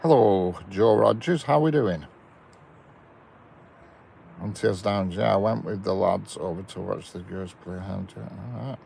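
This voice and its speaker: A man's voice: sits low, a little slow, vocal fry, long pauses, mellow, slight background noise. A man in a parked car chatting casually on a live stream, greeting viewers by name and chuckling. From England. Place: inside a parked car by a railway.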